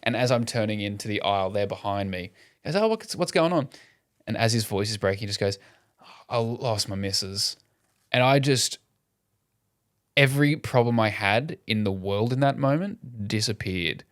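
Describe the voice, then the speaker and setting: A young man co-hosting a podcast, chatting casually and telling animated, sweary stories. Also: on the low side, a little fast, no room sound, studio quality. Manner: storytelling, swearing, animated quoted voices. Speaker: podcast co-host. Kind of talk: casual chat.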